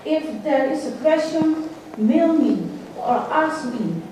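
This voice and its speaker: A woman sharing a halting personal testimony as a participant at a gathering. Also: high-pitched, lively intonation, dark tone, a little hiss or hum. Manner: halting, with fillers. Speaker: retreat participant sharing a reflection. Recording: echoey hall, mic far off.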